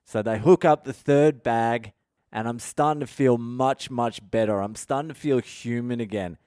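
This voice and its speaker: A man's voice: mid-range voice, normal speed, mellow, smooth, dry recording, clean studio sound. Swearing Australian man telling a story. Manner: frank, swears constantly, acts out quoted dialogue. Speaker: comedian podcast host. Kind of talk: personal storytelling monologue.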